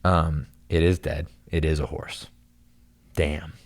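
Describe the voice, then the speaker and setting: A young man with a very low voice tells a story on a podcast. He talks casually and rambles, stacking fillers and retelling what people said. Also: slow. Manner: rambling, animated storytelling with lots of "like" and "dude". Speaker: podcast guest.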